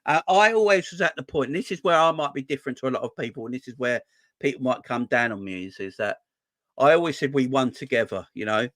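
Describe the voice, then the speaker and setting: A man's voice: medium pitch, expressive, quick pace, fairly bright tone, no room sound. Man, football fan channel host, rambling monologue, repeats himself, dry close sound. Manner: rambling, repeats phrases, asks "yeah?" and "right?". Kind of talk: casual opinion monologue.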